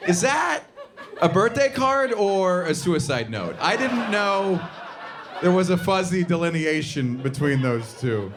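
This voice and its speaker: A man's voice: lively intonation, unhurried. Sardonic man doing stand-up. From Southern US. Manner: sardonic, punchy delivery with sudden high-pitched outbursts. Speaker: stand-up comedian. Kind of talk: stand-up comedy set. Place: theater stage before a live audience. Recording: live stage recording with audience noise.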